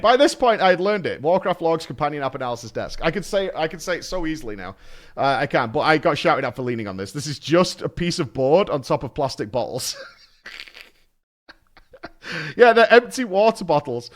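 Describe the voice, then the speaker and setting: A man streaming, telling stories in a casual, animated way, swearing and laughing often. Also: a little high. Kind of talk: casual chat.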